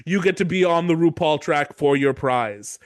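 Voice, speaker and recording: A man hosting a casual book-club podcast, retelling chapters in an animated way with frequent swearing and laughter. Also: a little high, moderate pace, dry recording. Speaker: podcast host.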